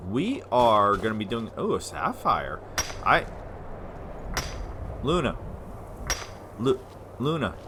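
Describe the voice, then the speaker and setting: A man from the United States giving casual, rambling let's-play commentary as a gaming video host, sometimes slurring syllables when excited. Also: on the low side, slow, pauses often, noisy background. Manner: rambling, chatty, self-deprecating.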